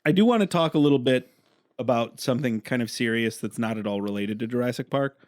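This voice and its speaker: A man's voice: mid-range voice, fast, a little mellow, dry recording. A man co-hosting a podcast in casual chat, joking and a little profane. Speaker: podcast co-host.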